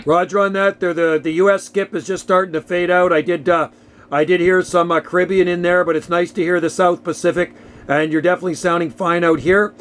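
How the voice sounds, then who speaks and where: A radio operator from Canada talks from his home shack over ham radio in a friendly, casual way, full of radio jargon. He speaks fairly quickly in a high voice with a flat delivery.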